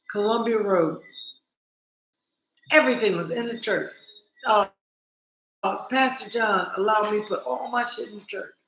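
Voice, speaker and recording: Animated vlogging woman in a roomy space. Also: on the high side. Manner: animated, swears freely, talks straight to viewers. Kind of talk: casual monologue.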